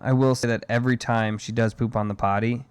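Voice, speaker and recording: A man's voice: medium pitch, steady tone, a little fast, smooth. A man in his thirties co-hosting a podcast, chatting casually and rambling, with "dude" and "man" in every other phrase. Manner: laid-back, rambling, says "dude" and "man" often. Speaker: podcast co-host. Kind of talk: casual chat.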